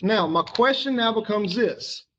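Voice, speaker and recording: A man's voice: high voice, lively intonation, measured pace, a bit bright, slight background noise. A man teaches a grammar lesson, working step by step. He patiently puts questions to the class and waits for their answers. The recording sounds a little dull.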